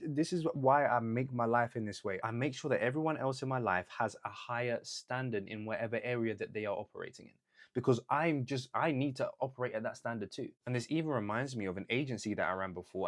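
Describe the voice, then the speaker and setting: A young man giving an earnest, conversational motivational talk, now and then acting out what others said to him. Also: medium pitch. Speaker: vlogger.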